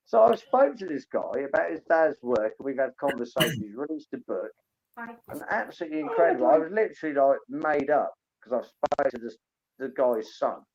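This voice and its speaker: A man's voice: mid-range voice, animated, fairly quick, darkish tone, highs cut off. A man from England, telling rambling, enthusiastic stories in casual chat.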